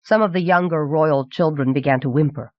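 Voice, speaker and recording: A woman reading a novel aloud as audiobook narrator in a measured, clear voice from an old cassette recording. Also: deep voice, no room sound. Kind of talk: scripted narration. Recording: dull 1990s cassette audiobook.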